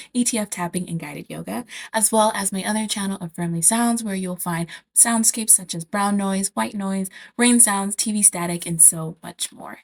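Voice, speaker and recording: Guiding viewers through a reflection on her self-help video, she talks in a relaxed, chatty manner, breaking off mid-thought and sometimes going soft, nearly whispering. Her pitch is medium.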